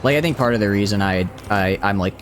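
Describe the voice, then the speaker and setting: A young man with a Southeastern US Southern accent talks casually on a stream while playing a strategy game. His voice sits a bit low, and he rambles, backs up and corrects himself as he answers chat. Faint game music plays underneath. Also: quick pace. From Southeastern United States.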